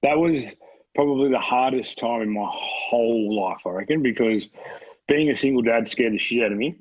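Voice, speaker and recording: A husky Australian man in his thirties chats loosely and swears freely, breaking into laughs as he tells stories about his kids. His voice comes through a dry, slightly muffled close mic. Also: mid-range voice, normal speed, no room sound. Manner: laid-back, swears freely, laughs often. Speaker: podcast guest. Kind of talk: casual chat.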